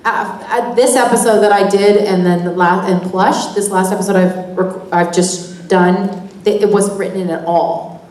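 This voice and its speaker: A woman's voice: medium pitch, steady tone, moderate pace, darkish tone. Woman, from Canada, chatty panel storyteller; roomy, distant hall sound. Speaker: actor on a convention panel. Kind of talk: convention panel Q&A. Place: convention hall. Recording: echoey hall from far off.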